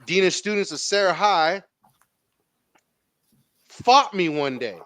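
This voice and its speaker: A man's voice: high-pitched, expressive, slow, a bit bright. A man in his thirties with a Southern Californian accent telling a story as a podcast host, casual and profane, acting out the people he quotes.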